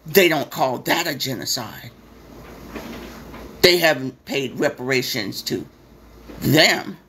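A woman's voice: low-pitched, gravelly, fairly bright tone, a little hiss or hum. A woman hosting a live stream, delivering a blunt, profane and sarcastic impassioned rant.

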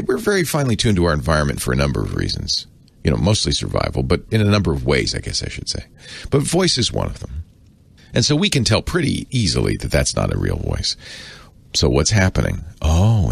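A middle-aged man with a very deep, gravelly voice that swings widely in pitch. He explains things in a chatty, self-correcting way, with laughing asides. The sound is close and dry. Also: dry recording. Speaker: podcast co-host. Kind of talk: casual explaining chat.

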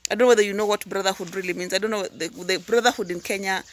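With a rapid-fire, mid-range voice, a Tanzanian woman reacts on YouTube in impassioned commentary. She pelts out rhetorical questions, prods with "hmm?" and "huh?", repeats words when worked up, and then shifts to calmer asides.

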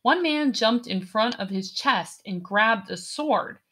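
A woman's voice: a little high, lively intonation, slow, a bit bright, full character voice. A woman voicing a commanding female pirate captain, cool and stern, giving curt orders in an audiobook reading. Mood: reflective. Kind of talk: audiobook character voice.

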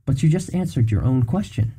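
A man's voice: mid-range voice, lively intonation, fairly quick, dark tone, husky, pitched above the performer's own voice. A man reading aloud and voicing a cheerful, cryptic old man who talks in a gleeful, playful way. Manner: gleeful, chuckling.

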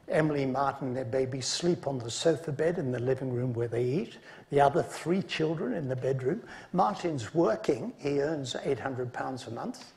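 A man giving an academic conference lecture, measured in delivery and dropping dry asides between points. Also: mid-range voice, darkish tone. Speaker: conference speaker.

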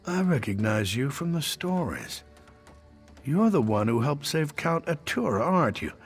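A man's voice: medium pitch, sing-song, measured pace, slightly rough, soft background music, exaggerated voice. An actor playing a matter-of-fact male army captain in a video game, speaking in a plainspoken briefing tone.

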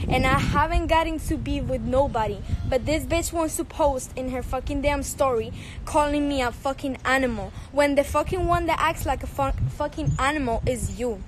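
A woman's voice: high-pitched, normal speed, very noisy. A teenage girl from Cuba with a Cuban Spanish accent, a Spanish speaker, ranting angrily and profanely on a livestream. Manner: angry, profane, confrontational. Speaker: singer and social media personality. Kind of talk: heated livestream rant.

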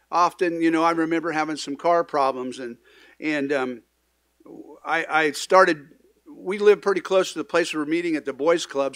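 Clean studio audio with no echo carries a slightly high male voice: an earnest pastor preaching a casual sermon in a church sanctuary. He speaks conversationally, restarting often and slipping in asides, and performs quoted lines with sudden bursts of loud emphasis.

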